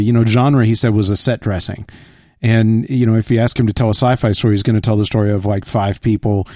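A man's voice: fairly low pitch, steady tone, fast talker, warm tone, no echo, clean studio sound. Wry man chatting on a podcast. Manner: joking, wry asides. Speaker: podcast co-host. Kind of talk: casual chat.

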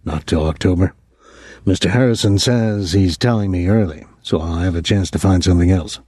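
A man's voice: sits low, moderate pace, warm tone, husky, no echo. A man voicing a brooding, bitter old father. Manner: dry, brooding, darkly blunt. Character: bitter aging male baker, father. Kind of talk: audiobook character reading.

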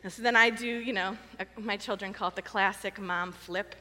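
A middle-aged woman pastor giving a conversational, animated sermon on a microphone, telling a personal story and acting out quoted lines. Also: mid-range voice, normal speed. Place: church sanctuary. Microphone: wearing a microphone. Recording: long reverb of a church hall.

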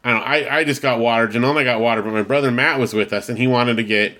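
A man's voice: medium pitch, fairly even intonation, rapid-fire, bright, forceful tone. A man co-hosting a podcast, telling stories in casual chat and laughing often. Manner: chatty storyteller, laughs often. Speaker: podcast co-host.

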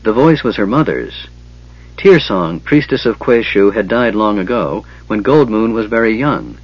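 A man reading an audiobook in measured, storytelling narration, on a slightly dull recording. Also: on the low side, sing-song, breathy edge. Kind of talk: scripted narration.

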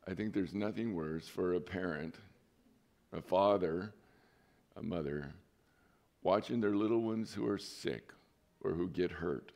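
A man preaching a sermon as pastor. He tells a story in a relaxed, conversational way, with asides to his listeners. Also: fairly low pitch. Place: church.

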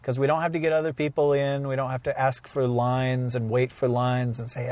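A man's voice: mid-range voice, little pitch movement, brisk, hardly any pauses, darkish tone. A man co-hosting a podcast in casual chat, rambling through stories and laughing often. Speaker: podcast co-host.

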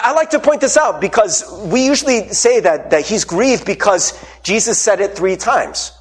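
Male pastor, high husky voice, lively preaching with acted-out quotes. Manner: animated storytelling, acts out quotes with shifting pitch. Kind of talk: sermon.

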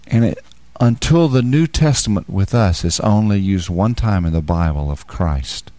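A man giving a sermon, explaining scripture with homely examples and rising into loud, fervent preaching. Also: normal speed, no echo. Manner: builds to loud, high-pitched fervent preaching. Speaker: Bible teacher.

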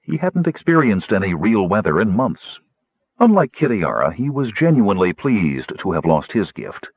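A man narrates a storybook with a low, husky voice that swings widely in pitch. The recording is dry and a little dull, as if from a close mic in a small treated room. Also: normal speed, no echo. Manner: lively, voicing characters higher. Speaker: audiobook narrator.

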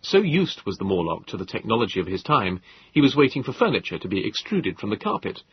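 A man narrating an audiobook in a measured, expressive storytelling manner. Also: on the low side, dull audio, slight background noise. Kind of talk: scripted narration.

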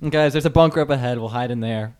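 A young man hosting a comedy show, reading a question aloud in a deadpan way. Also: medium pitch, quick pace, very noisy. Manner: deadpan reading, mock-urgent. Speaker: host. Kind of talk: comedy podcast.

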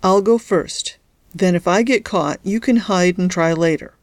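A woman reads out an easygoing young man in a low, steady voice, earnest and plain. The sound is dry and close, with no room around it. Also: measured pace, dry recording, natural voice. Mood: resolute. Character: young man, easygoing driver turned determined.

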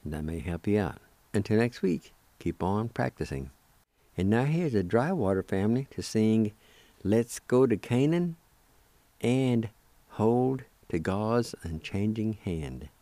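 A man's voice: on the low side, big pitch swings, a little slow, mellow, dry recording. A man hosting a radio language lesson, patiently spelling and sounding out words syllable by syllable. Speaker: radio host teaching a language.

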